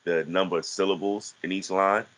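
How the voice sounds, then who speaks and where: A man talking casually about teaching verse, halting with frequent restarts and repeated words. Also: deep voice, fairly even intonation, fairly bright tone, rough recording. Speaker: guest teaching artist. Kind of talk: casual conversational teaching talk.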